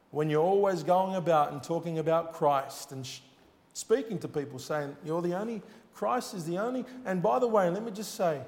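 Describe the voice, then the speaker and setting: A man's voice: fairly high pitch, gravelly, a little mellow. A man preaching a sermon, telling a personal testimony in an earnest, storytelling way with rising emphasis. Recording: long hall reverb.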